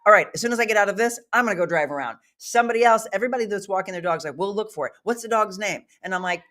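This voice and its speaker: A woman hosting a live talk show, telling a story in a lively way and laughing often. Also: mid-range voice, rapid-fire. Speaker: host.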